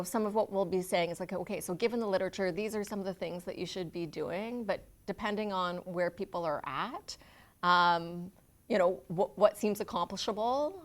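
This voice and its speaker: Brief: a woman panel host, conversational, slightly low pitch, lecture room. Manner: friendly and conversational, many fillers. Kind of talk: introducing a live panel.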